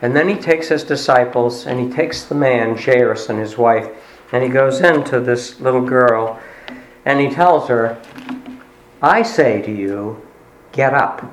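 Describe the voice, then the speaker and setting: A man delivering a sermon, retelling a story in a conversational way with pauses and fillers. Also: medium pitch, slight background noise. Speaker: preacher. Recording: roomy echo.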